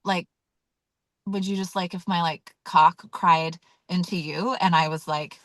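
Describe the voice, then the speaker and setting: A woman's voice: fairly low pitch, steady tone, measured pace, dry recording. A woman leading a weekly community call, talking casually and candidly with many fillers and acting out her own reactions. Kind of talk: casual teaching talk.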